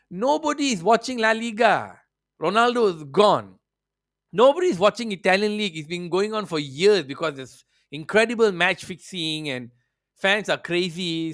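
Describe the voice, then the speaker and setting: A man's voice: high voice, fairly bright tone, no echo, clean studio sound. Ranting, profane man. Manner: profane, mocking rant. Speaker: football podcast host. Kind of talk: ranting football commentary.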